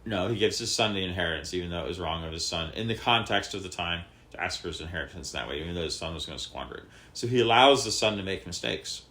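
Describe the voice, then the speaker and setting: A man's voice: low-pitched, fast, hardly any pauses, pushed and bright. A man co-hosting a podcast, retelling a parable in loose, rambling casual talk. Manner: rambling, many fillers and restarts, explaining a parable. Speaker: podcast co-host. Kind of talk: casual chat.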